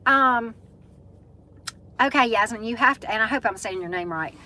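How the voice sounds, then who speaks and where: A woman's voice: on the high side, normal speed, sharp tone, rough recording. A middle-aged woman with a Southern US accent hosts a casual live-stream chat, greeting viewers by name and using lots of fillers. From Southern United States.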